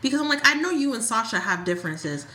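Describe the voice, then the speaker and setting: Chatty woman cohost, higher voice, trips over her words and restarts. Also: very animated, quick pace, sharp tone. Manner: chatty, stumbles and restarts mid-sentence. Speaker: podcast co-host. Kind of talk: casual chat about a soap opera.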